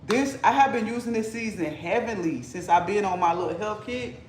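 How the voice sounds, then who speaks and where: A man's voice: high-pitched, a little fast, very noisy. A man hosting a casual cooking livestream, talking playfully and teasing his chat while he cooks. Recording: echoey room.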